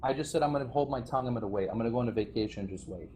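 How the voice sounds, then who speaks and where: Over voice chat, a man who used to be on a game server's staff rambles passionately to players about the community he walked away from, restarting often and laughing nervously. He has a medium-pitched, slightly mellow voice and talks rapid-fire, with a little hiss or hum in the audio.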